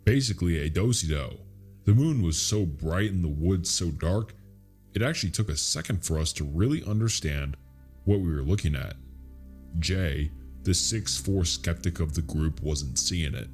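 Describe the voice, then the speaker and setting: A man reading a scary true story as a narrator, in a slow, hushed, suspenseful delivery. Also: deep voice. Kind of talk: scripted horror story narration.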